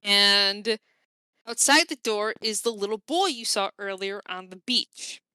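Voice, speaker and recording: A woman's voice: medium pitch, unhurried, sharp tone, clean tone, dry recording. A woman narrating as game master of a tabletop game, chatty with many fillers and laughs.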